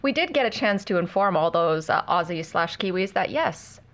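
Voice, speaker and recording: A woman co-hosting a podcast, telling stories in a relaxed, laughing way. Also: fairly low pitch, moderate pace. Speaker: podcast co-host. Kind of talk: casual chat.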